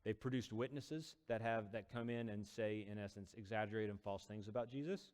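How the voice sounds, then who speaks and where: A man's voice: lowish voice, brisk, a little mellow, big-room sound. A man casually retelling a scripture story as a lesson, conversational and loose, with fillers, sometimes acting out the quoted lines.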